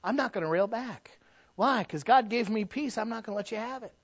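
Man preaching a sermon, higher voice, folksy and chatty, dull dry recording. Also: fairly quick, dry recording. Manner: folksy and conversational, full of rhetorical questions. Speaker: pastor.

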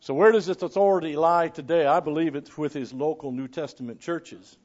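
On a dull, lo-fi recording, a pastor preaches fairly quickly in a high voice as he reads old scripture aloud. His delivery shifts from resounding declarations to hushed asides, broken now and then by a chuckle.

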